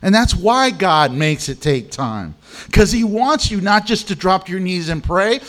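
A man delivers a sermon in a notably high voice. He tells stories in an animated way and acts out the voices of the people he quotes. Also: measured pace. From Mexican. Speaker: pastor.

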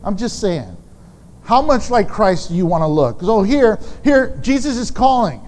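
A man with a high-pitched voice preaches a sermon, talking frankly and conversationally, dropping candid asides to his congregation. His voice carries a long reverb, as if it fills a large hall. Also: big pitch swings, unhurried, darkish tone. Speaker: pastor.

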